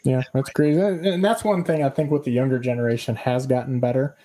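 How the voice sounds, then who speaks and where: Mellow laid-back podcast host. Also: male voice, mid-range voice, steady tone, fast talker, poor audio. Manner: laid-back, chatty, jokey. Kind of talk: casual interview chat.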